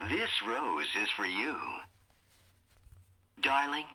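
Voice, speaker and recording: A man voicing Mister Wonderful, a sweet-talking romantic gentleman talking toy, played back from a toy speaker. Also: mid-range voice, lively intonation, takes it slowly, heavily acted. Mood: doting.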